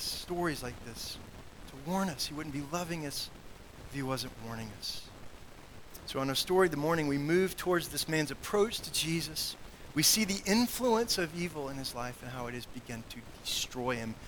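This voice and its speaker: A man preaching a sermon in an earnest manner, growing loud on key points and dropping to quiet asides. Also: on the high side, moderate pace, a little hiss or hum, poor audio. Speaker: pastor.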